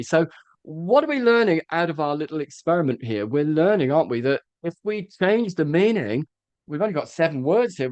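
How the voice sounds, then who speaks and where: A man, a presentation coach giving a live workshop talk, animated and demonstrative, with frequent ums. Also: mid-range voice, no room sound.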